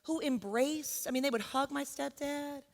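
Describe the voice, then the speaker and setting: A woman's voice: sits high, moderate pace, gravelly. A woman who teaches college gives an earnest, conversational church talk and keeps checking in with her listeners. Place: church sanctuary. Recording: long church hall reverb.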